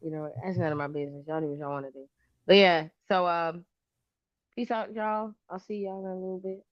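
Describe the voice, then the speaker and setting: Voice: mid-range voice, steady tone, brisk, dry recording. A livestream co-host chatting casually, blunt and slangy, swearing freely. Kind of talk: casual chat. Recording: dull lo-fi audio.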